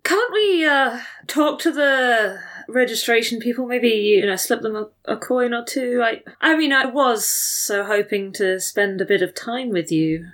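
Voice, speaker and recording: A woman's voice: fairly high pitch, measured pace, hardly any pauses, a bit bright. A woman voicing a polite, showy young man in fine clothes who hesitates often in a tabletop game. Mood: hopeful. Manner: polite, hesitant, mildly boastful.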